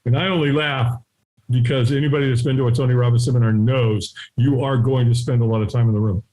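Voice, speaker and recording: In a conversational interview, a middle-aged man recounts a story energetically and in short bursts, frequently asking "right?" at the end of sentences. He mimics each character with rapid voice changes; his pitch is medium and the audio is low quality.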